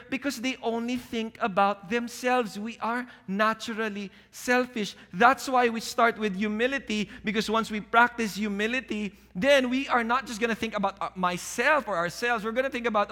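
Man preaching in a church hall; high, bright, animated delivery with long reverb. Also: normal speed. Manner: animated preaching, drops to soft calm voice when quoting. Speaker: pastor. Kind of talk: sermon.

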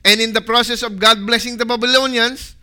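A man preaching a sermon, dramatic and full of rhetorical questions, swinging from loud to hushed. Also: very high-pitched, fairly even intonation, a little fast, clean tone.

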